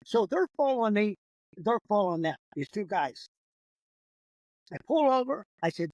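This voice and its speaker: An older man with a fairly high voice tells a long, profanity-laced story in a rambling, animated way. The sound is dry and close, with no room around it. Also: moderate pace, long pauses, no echo, rough recording. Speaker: comedian guest. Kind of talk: casual storytelling.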